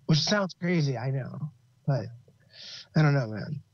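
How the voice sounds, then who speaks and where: Laid-back, husky-voiced co-host, slightly higher pitch, dull muffled recording. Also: male voice, animated, a little slow, no echo. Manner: laid-back, swears casually. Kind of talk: casual chat.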